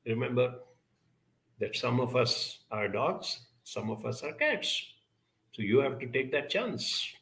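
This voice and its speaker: Man, relationship-advice talker; bright, gravelly tone, measured and earnest, echoey room. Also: medium pitch, very animated. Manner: measured, earnest, many pauses and fillers. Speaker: speaker answering viewer questions.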